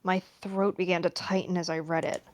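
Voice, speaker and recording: A woman's voice: lowish voice, little pitch movement, fairly quick. A woman co-hosting a let's-play podcast, reading a game's narration and making sarcastic asides. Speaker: podcast co-host.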